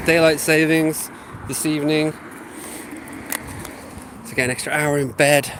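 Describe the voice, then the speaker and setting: A man's voice: on the high side, fairly even intonation, normal speed, long pauses, background noise. A man with a sniffly head cold, casually rambling to his viewers with lots of ums while he walks his dog outdoors and talks into a phone. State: sniffly with a sinus infection. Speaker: channel host. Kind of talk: casual live chat to viewers while walking. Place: outdoors, walking a dog through a housing estate. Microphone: phone held while walking.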